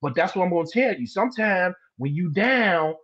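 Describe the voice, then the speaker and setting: A man teaching scripture in a relaxed, colloquial way on a live streamed Bible discussion, drawing out words for emphasis. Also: sits high, normal speed, slightly rough. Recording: dull lo-fi live stream audio.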